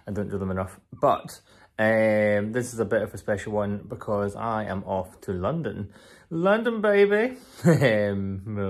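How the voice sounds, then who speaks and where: A man talking casually to a handheld phone camera in a rambling, self-deprecating vlog, possibly from Scotland. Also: fairly low pitch. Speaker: vlogger.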